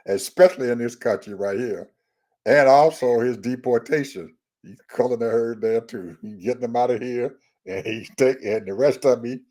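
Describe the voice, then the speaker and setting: A man's voice: medium pitch, moderate pace, mellow. A man co-hosting a casual political chat, speaking in a wry way with short laughs between remarks. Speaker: co-host.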